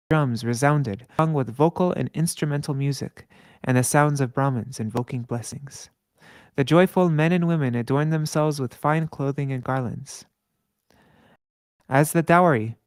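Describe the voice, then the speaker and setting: A man reading scripture aloud with commentary. He chants verses slowly and stops to correct his own slips. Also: a little high, no room sound. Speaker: scripture reader.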